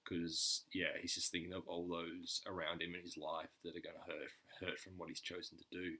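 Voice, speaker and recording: A man with a deep, low voice and a sharp, tense edge talks through a music reaction video. He stumbles over his words, restarts often and leans on fillers, sounding earnest and choked up. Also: flat delivery, brisk. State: choked up, emotional. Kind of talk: casual reaction commentary.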